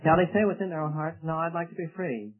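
A man's voice: a little high, fast talker, phone-quality sound. A man preaching an earnest, explanatory sermon, recorded on an old tape. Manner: earnest, explanatory, with rhetorical questions.

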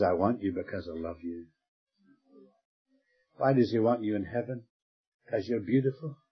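An older man preaching a sermon with a very husky, breathy voice. He leans on dramatic pauses and sinks to a near-whisper on key words. The recording is dull and lo-fi. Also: fairly high pitch.

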